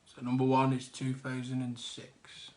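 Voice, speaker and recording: A man's voice: mid-range voice, completely flat delivery, measured pace, a little mellow. A man hosting a live online quiz, reading out answers with jokey, chatty asides. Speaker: quiz host.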